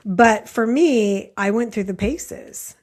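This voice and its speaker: A woman's voice: on the high side, slow, a little mellow. A woman in her late fifties, a meditation teacher, telling personal stories as a podcast guest in an earnest, thoughtful way with many "like" fillers. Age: late 50s. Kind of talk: reflective storytelling in conversation.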